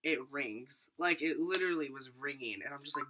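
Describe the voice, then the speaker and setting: A man's voice: on the high side, a little fast. A teenage boy telling a rambling storytime vlog, full of fillers and acted-out quotes. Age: teens. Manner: rambling, filler-heavy, animated retelling. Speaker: vlogger.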